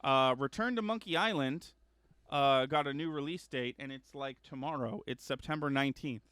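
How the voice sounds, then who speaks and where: A man hosting a casual gaming news chat, rambling with lots of ums and uhs and correcting himself, getting excited about upcoming games. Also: medium pitch, normal speed, dry recording. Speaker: gaming news show host.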